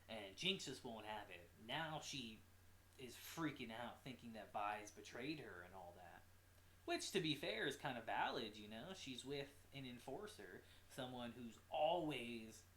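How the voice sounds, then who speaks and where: Animated man recapping an episode. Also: medium pitch, reverberant, a little hiss or hum. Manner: animated, swears casually, quick asides. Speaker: anime reviewer.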